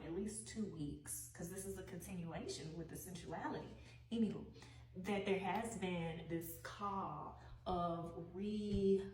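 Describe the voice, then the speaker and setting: A woman giving a weekly tarot reading, unhurried and musing aloud, often repeating her phrases. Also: lowish voice, darkish tone, roomy sound, distant mic, low-quality recording. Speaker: tarot reader.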